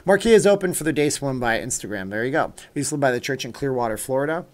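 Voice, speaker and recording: A man's voice: medium pitch, lively intonation, quick pace. A middle-aged man hosting a casual livestream, chatting loosely, answering viewer comments, thanking supporters by name and drifting into an earnest pep talk. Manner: rambling, chatty, reads out viewer names and answers chat. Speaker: livestream host.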